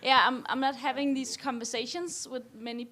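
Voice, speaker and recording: A woman from the audience answering questions softly and hesitantly. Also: high-pitched, fairly even intonation, a little fast. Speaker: audience member. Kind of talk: casual chat.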